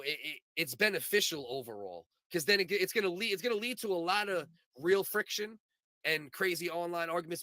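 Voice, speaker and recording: A man's voice: fairly high pitch, pushed and bright, no room sound. A man hosting a casual comedy podcast, talking in a rambling, profane, opinionated way. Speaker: podcast host.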